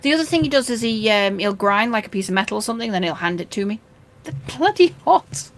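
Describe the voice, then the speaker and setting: A woman's voice: mid-range voice, very fast, a bit bright. A woman hosting a fishkeeping channel, talking in a casual, rambling way with dry jokes and anecdotes. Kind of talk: casual chat.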